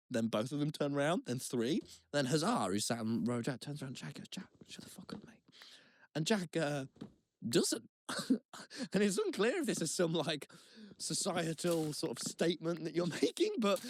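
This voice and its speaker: Co-host, lively teasing storyteller, close dry sound. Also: mid-range voice, no echo. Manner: teasing, laughing while telling a story. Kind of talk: casual chat, storytelling.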